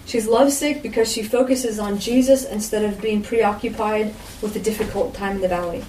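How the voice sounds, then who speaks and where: A woman teaching the Bible gives an informal, conversational sermon, often turning aside to address her listeners. Her medium-pitched voice is steady and warm, a little fast. The mic is distant, picking up roomy echo and faint background noise.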